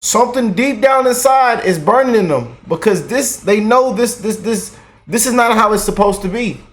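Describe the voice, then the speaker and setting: Emphatic high-voiced man hosting commentary. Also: animated, moderate pace. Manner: emphatic, mocking. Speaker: commentary channel host. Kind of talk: reaction commentary.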